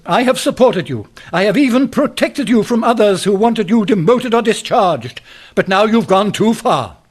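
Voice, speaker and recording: Blustery police chief, bossy and high, radio play. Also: male voice. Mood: furious. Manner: authoritative, scolding. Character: stern, blustering male police superintendent, older. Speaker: police superintendent. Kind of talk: radio drama acting.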